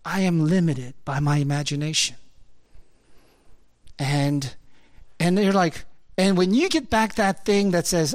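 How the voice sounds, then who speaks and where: A man preaching a sermon in a conversational, animated way, full of fillers and acted-out asides. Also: sits high, normal speed.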